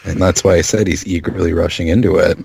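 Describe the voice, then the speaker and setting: A man's voice: low-pitched, steady tone, fast, creaky, a little mellow, husky, no echo. A young man playing a tabletop game, making wry jokes. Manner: wry, joking. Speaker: player.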